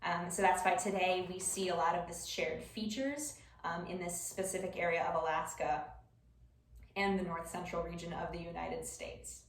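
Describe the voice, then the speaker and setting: A woman's voice: on the low side, normal speed, a little hiss or hum. A young adult woman giving a class presentation, explaining step by step with scattered ums. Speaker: student presenter. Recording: roomy echo, voice far from the mic.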